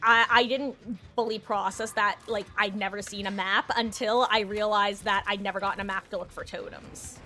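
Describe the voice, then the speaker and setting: A woman's voice: medium pitch, steady tone, moderate pace, few pauses, bright, forceful tone. A woman giving chatty, self-mocking live commentary on her game, laughing often. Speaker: streamer.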